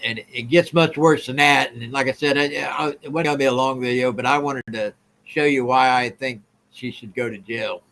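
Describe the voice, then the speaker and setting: A man's voice: mid-range voice, fairly even intonation, normal speed, fairly bright tone, poor audio. A man hosting a political live stream, talking bluntly, repeating himself and answering viewers' comments. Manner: blunt, repetitive, reads and answers chat.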